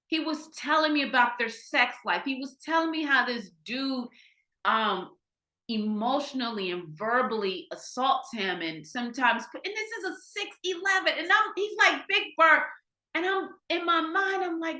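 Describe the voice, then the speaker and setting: A woman from Ohio, a podcast guest, telling a candid personal story in an animated way, restarting sentences and acting out what people said. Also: sits high, moderate pace. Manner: animated, acts out quoted dialogue, frequent restarts. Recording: roomy echo.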